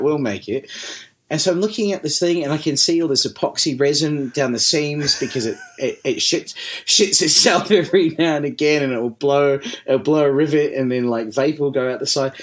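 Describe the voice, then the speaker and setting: A man with a New Zealand accent and a mid-range voice talks through his stories in a loose, animated way. He swears freely and laughs often, and he acts out the people he quotes. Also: medium pitch. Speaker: podcast guest, distillery managing director. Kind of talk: casual conversational storytelling.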